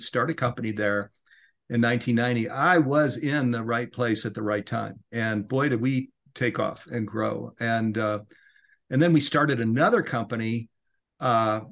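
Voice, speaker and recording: A middle-aged man, a podcast guest, talking in an earnest, rambling way that grows animated when he is inspired. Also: mid-range voice. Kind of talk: casual interview talk.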